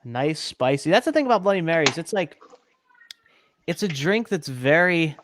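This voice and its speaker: A man's voice: on the high side, very animated, normal speed, noisy background. Upbeat male host chatting while cooking. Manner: upbeat, chatty, talks to viewers' comments. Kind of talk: casual chat while cooking on a live stream.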